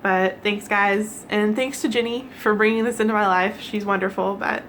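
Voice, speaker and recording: A young woman from the United States, teary and emotional, talking haltingly with nervous laughs in a personal vlog. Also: mid-range voice, fairly even intonation, a bit bright, a little hiss or hum. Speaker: vlogger.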